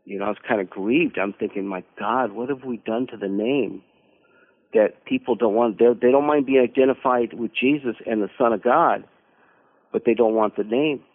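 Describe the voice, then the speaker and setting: A man telling a personal story as a guest on a radio conversation, halting and repeating words as he searches for them. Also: medium pitch. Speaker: mission team leader, radio guest. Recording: narrow phone-like radio audio.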